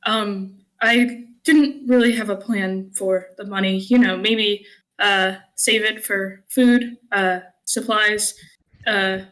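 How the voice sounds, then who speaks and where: A woman's voice: mid-range voice, fairly even intonation, takes it slowly, fairly bright tone, poor audio. A woman voicing a shy halfling adventurer who hesitates and stammers through every phrase. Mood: hesitant. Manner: hesitant, full of fillers.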